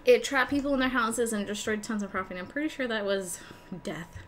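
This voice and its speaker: Chatting with viewers while gaming on a live stream, a young woman speaks fairly quickly in a fairly high voice. She laughs a lot, swears freely and talks to her chat. There's some faint background noise.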